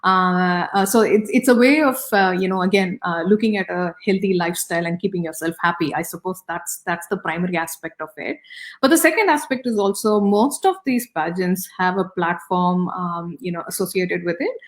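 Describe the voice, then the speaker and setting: A woman's voice: lowish voice, moderate pace. A middle-aged woman with an Indian accent, speaking as an interview guest in a reflective, conversational way with many fillers and restarts.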